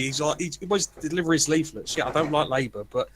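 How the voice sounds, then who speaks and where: Man, fast and animated, slightly high voice, swears a lot. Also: a little hiss or hum. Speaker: podcast panelist. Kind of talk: casual chat.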